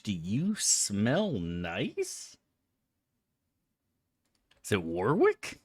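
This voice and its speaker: A man's voice: fairly low pitch, very animated, moderate pace, no room sound, studio quality. A man streaming a game live, chatting casually with viewers, swearing freely and complaining in an exaggerated, chummy way. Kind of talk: casual live-stream chat while gaming.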